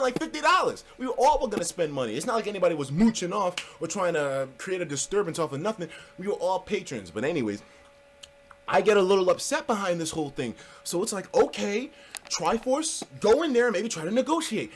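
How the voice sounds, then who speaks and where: A man's voice: high-pitched, sing-song, brisk. A man telling a story on his vlog in an emphatic, profane and heated way. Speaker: vlogger.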